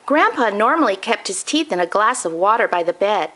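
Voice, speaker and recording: A woman reading a children's picture book aloud in an expressive storybook manner. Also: medium pitch, brisk, few pauses.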